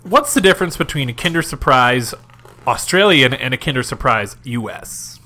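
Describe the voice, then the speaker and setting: A man's voice: medium pitch, moderate pace. A man co-hosting a podcast, joking and laughing in casual chat. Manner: joking, lively, laughs often. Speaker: podcast co-host.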